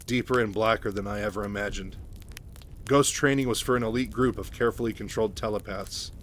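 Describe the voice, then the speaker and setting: A man's voice: fairly low pitch, steady tone, brisk, a bit bright, a little hiss or hum, lightly acted. A man voicing a serious, earnest male reporter in a read-aloud story. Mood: grave.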